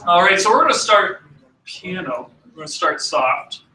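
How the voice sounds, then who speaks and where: A man's voice: high-pitched, sing-song, sharp tone, reverberant, distant mic, rough recording. A man teaching a music class to students, talking casually with fillers and false starts. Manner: casual, halting, with many fillers. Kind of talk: classroom demonstration.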